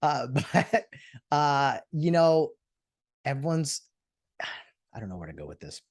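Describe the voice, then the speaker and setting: A man's voice: medium pitch, sing-song, a little slow, no echo, studio quality. A man hosting his own show, telling a story in a casual, rambling monologue full of fillers and restarts. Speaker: podcast host.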